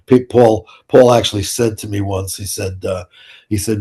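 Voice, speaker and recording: A man's voice: lowish voice, fairly even intonation, normal speed, mellow, slightly rough. An older man, telling rambling, blunt, profane stories as an interview guest. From New York City. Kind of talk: casual storytelling interview.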